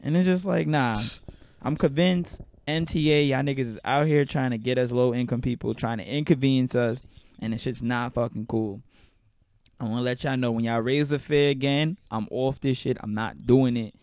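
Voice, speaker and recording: A man's voice: medium pitch, fairly even intonation, normal speed, darkish tone, no echo, studio quality. A young man ranting profanely in a casual podcast chat, full of mock quotes. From New York. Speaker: podcast host.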